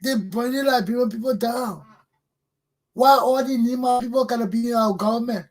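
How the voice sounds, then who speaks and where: A man's voice: extremely high pitch, moderate pace. A middle-aged man with a Liberian accent, hosting a talk show with blunt, scolding political commentary.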